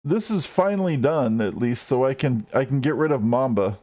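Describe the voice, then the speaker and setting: A man's voice: mid-range voice, animated, normal speed, a little mellow. A man streaming gameplay live, ranting and swearing at the game as he plays. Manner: frustrated, swearing, rants at the game.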